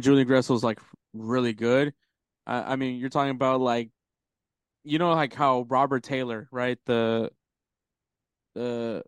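Smooth-voiced man chatting about soccer. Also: mid-range voice, dry recording. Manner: rambling, swears, laughs often. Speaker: podcast co-host. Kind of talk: casual soccer chat.

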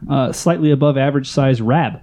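A man's voice: mid-range voice, a little fast, dark tone. A man hosting a podcast, wry and rambling, often laughing at his own jokes. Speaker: podcast host. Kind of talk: casual podcast banter.

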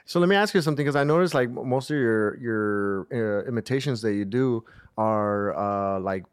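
A man's voice: mid-range voice, normal speed, clean tone, dry recording, studio quality. A man in casual chat, asking easygoing, curious questions.

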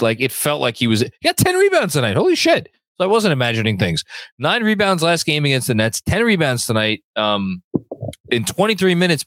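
A man hosting a casual sports podcast, excitable and rambling as he reads viewer comments. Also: medium pitch, no room sound. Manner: excitable, rambling, many fillers and restarts. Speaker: podcast host.

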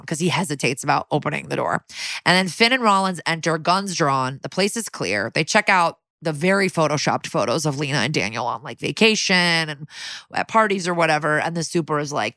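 A woman with a slightly low voice talks through a crime-show episode in loose, chatty recap mode. She keeps dropping into quick put-on voices for the characters. The sound is close and dry. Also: lively intonation, sharp tone, no echo. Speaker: podcast co-host. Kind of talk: casual recap chat.

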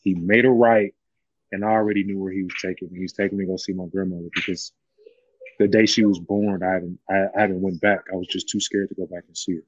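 A man with a low, grounded voice tells his story in an open, heartfelt way, padding his sentences with "you know." The recording is dry and close, a little dull and muffled. It sounds like a casual interview chat. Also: steady tone, fast talker, no echo. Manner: heartfelt, loose, many "you know" fillers. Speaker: former college basketball player, guest.

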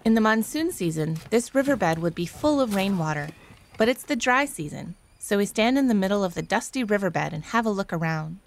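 A woman radio reporter narrating a news feature in a calm, measured, descriptive way. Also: mid-range voice, a little hiss or hum. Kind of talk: scripted news narration and field interview.

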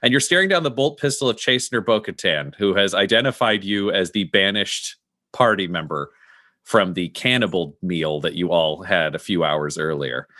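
Brief: male game master, chatty narration, low bright voice, dry close mic. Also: moderate pace, dry recording. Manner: relaxed, chatty narration with fillers.

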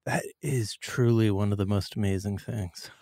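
A man co-hosting a podcast, tossing off jokey quick quips in casual chat. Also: lowish voice, steady tone, darkish tone, dry recording, studio quality. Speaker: podcast co-host.

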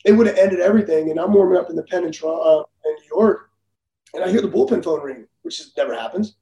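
A man, a former major league pitcher, telling blunt, profane stories in a casual talk and laughing often. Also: fast talker, dark tone, roomy sound, rough recording. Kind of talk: casual storytelling.

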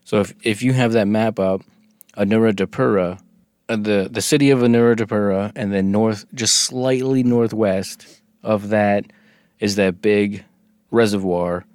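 A man co-hosting a casual podcast, reading from notes with halting restarts and cracking jokes. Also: on the low side, fairly even intonation, a little mellow, clear, resonant tone, no echo, clean studio sound. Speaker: podcast co-host. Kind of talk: casual conversational podcast chat.

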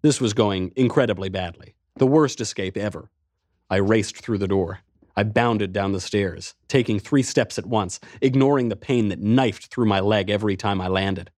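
A man's voice: fairly low pitch, normal speed, darkish tone, dry recording, clean studio sound. A man narrating a first-person adventure story in a tense, driving way.

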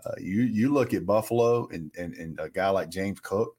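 A man with a very low voice co-hosts a casual sports talk show. He speaks emphatically and conversationally, with frequent fillers, and mixes his analysis with personal stories. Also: moderate pace, a little mellow.

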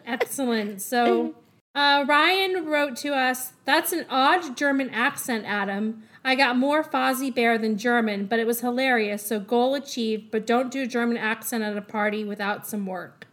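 A woman's voice: fairly high pitch, normal speed, fairly bright tone. A woman reading listener emails aloud on a podcast in a plain, matter-of-fact way.

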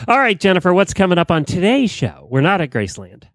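A woman co-hosting a casual chat show, animated and quick to laugh. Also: fairly low pitch, no echo, studio quality. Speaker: co-host.

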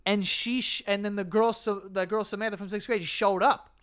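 A young man with a high, smooth voice rambles through a story for a casual podcast. He trips over his words, restarts often and swears freely. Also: fairly even intonation, normal speed, fairly bright tone. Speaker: podcast co-host.

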